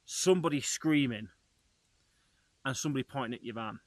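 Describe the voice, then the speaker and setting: A man, a travel vlogger, telling a story to camera in a lively, chatty way and talking straight to his viewers. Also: medium pitch, a little fast, no echo.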